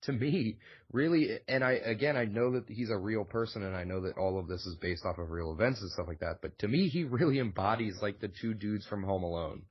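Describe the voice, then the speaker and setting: A husky man with a fairly low voice chats casually as a podcast co-host. He rambles through his points with lots of fillers and easy swearing. The recording sounds dull and lo-fi. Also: a little fast, hardly any pauses. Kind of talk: casual chat.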